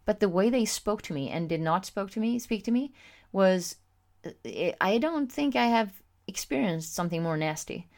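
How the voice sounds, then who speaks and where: A woman hosting a podcast, telling a personal story in a candid, expressive way with frequent pauses and fillers. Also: mid-range voice. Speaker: podcast host.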